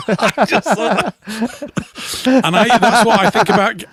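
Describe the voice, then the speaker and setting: A man's voice: extremely high pitch, wildly swooping pitch, very slow, long pauses, fairly bright tone, slight background noise. A middle-aged man from England telling rambling anecdotes in casual chat with a dry, self-mocking manner. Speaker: co-host.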